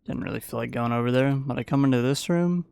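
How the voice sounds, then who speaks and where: Gaming YouTuber, male, mid-pitched, gravelly yet smooth, easygoing play-by-play voice-over. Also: fast talker, a little mellow. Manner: casual, playful play-by-play recap. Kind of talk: gameplay commentary voice-over.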